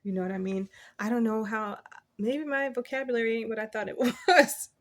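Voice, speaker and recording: A woman giving a casual, encouraging tarot reading, chatty and quick to laugh, quoting scripture as she talks. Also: on the high side, fairly even intonation. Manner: quotes scripture. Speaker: tarot reader.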